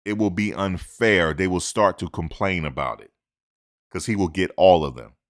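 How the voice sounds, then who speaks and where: A man's voice: deep voice, normal speed. A man giving opinionated sports talk into a close mic, emphatic and repetitive, lecturing his listeners. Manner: animated, emphatic, repeats points, lectures listeners. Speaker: sports commentator. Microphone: close microphone.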